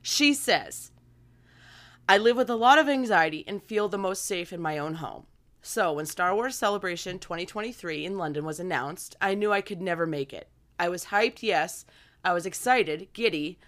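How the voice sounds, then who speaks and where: A woman's voice: medium pitch, lively intonation, moderate pace, fairly bright tone. A woman co-hosting a podcast, chatting casually and reading listener letters aloud with enthusiasm and frequent laughter. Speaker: podcast co-host.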